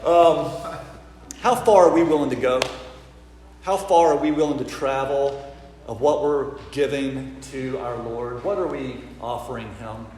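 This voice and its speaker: A man from the American South with a Southern accent, a priest giving a sermon and telling stories with lively quoted voices. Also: mid-range voice, unhurried, a little hiss or hum. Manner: storytelling, animated when acting out quotes. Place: church. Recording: roomy church with long reverb, faint ambience.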